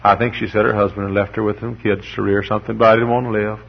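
A husky-voiced pastor, a man, preaches in a rambling, humorous way, stumbling over repeated words as he spins folksy stories. Then he climbs into emphatic declarations. The sound is dull and lo-fi, like an old recording. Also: fairly low pitch, flat delivery, fast talker. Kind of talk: sermon with folksy storytelling.

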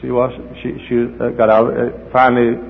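An older man preaching a sermon as the pastor, swinging from hushed asides to near-shouts as he acts out the people in his stories. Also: mid-range voice, flat delivery, normal speed, vocal fry. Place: church hall. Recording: dull echoey hall with faint noise.

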